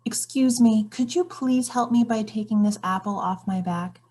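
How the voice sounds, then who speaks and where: A woman's voice: a little high, moderate pace, pitched above the performer's own voice, close to an everyday voice. A woman voicing a polite, courteous hedgehog who asks kindly for help. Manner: gentle, courteous.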